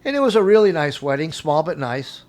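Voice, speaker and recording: An older man, a guest on an interview show, telling animated anecdotes from his career and acting out the dialogue with frequent chuckles. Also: a little high, fairly quick. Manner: acts out dialogue in quotes. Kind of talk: casual storytelling interview.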